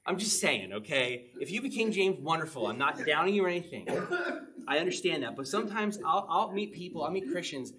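A middle-aged man, a pastor, preaching a conversational sermon and often checking in with his listeners with a quick "okay?". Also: a little high, sing-song, crowd noise. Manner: conversational, chatty preaching with frequent "okay?" asides.

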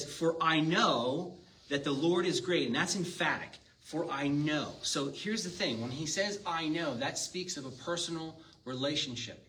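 A man's voice: on the high side, pushed and bright. A man preaching a sermon in a church, reading scripture and talking to the congregation in a conversational way, asking them questions. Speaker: pastor. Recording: distant mic with faint ambience.

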